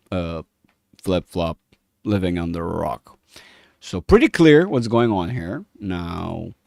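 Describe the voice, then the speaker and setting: A man's voice: medium pitch, darkish tone, no echo, studio quality. Rambling, profane male chart analyst. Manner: rambling, profane, hums while thinking. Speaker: market analyst host. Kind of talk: casual chart analysis for a private community.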